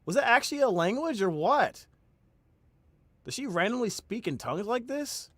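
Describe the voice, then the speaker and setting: A man's voice: very high-pitched, sing-song, moderate pace, fairly bright tone, no echo. A man reacting to a video in casual commentary, incredulous and stammering, often laughing.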